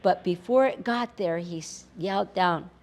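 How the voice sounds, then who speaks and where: A woman storyteller telling a folk tale in a measured, rhythmic way, building with repetition. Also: lowish voice, darkish tone.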